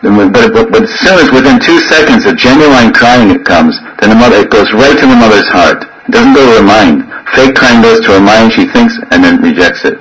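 A man in his sixties giving a sermon, telling stories with animated quoted voices and frequent laughter. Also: fairly low pitch, fairly quick, few pauses, rough recording. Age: 60s. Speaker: spiritual teacher.

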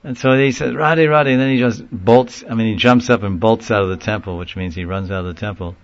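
A man telling a long story in a casual, rambling way, often laughing and getting animated when he quotes people. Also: fairly low pitch, fairly quick, dull audio. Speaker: speaker recounting a story in a class. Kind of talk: informal storytelling talk.

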